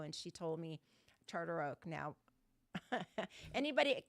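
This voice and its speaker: Blunt, low-voiced woman sharing her recovery. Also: sing-song, slow pace, gravelly, dry recording. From Southern California. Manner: candid and blunt, with casual swearing. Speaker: guest speaker. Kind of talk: recovery meeting personal story. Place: online video call meeting.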